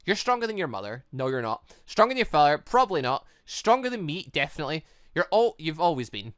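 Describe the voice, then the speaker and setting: A man reading the lines of a calm, protective young man in a visual novel, speaking softly and steadily. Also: fairly high pitch, fast, smooth, dry recording, clean studio sound. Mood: reassuring. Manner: soft, steadying reassurance. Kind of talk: visual novel read-through.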